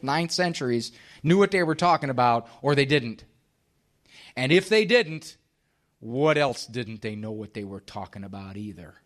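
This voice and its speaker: A man giving a live talk to an audience, emphatic and sarcastic, firing off rhetorical questions. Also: mid-range voice.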